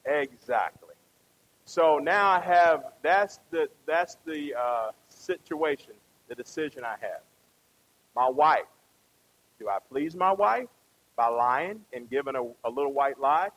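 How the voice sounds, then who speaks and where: A man's voice: on the high side, expressive, a little slow, a bit bright, rough recording. A man preaching a conversational sermon, often asking the congregation questions and tagging them with "right?".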